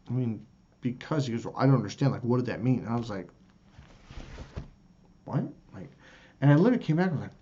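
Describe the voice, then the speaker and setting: A man hosting a self-help video, talking in a loose and animated way and swearing often. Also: mid-range voice, lo-fi sound. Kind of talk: casual self-help monologue.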